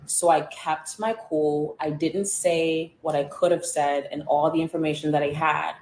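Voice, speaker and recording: A woman with a lowish voice tells candid stories from her media career. She talks bluntly and with sarcasm, cursing freely, and the echo of the room rings around her. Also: steady tone, normal speed, darkish tone, a little hiss or hum. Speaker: media personality and author. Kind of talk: candid interview storytelling.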